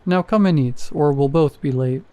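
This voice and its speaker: A man voicing a calm, gentle husband who soothes his worried wife in a spoken horror story. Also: a little high, moderate pace, no room sound, close to an everyday voice. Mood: soothing.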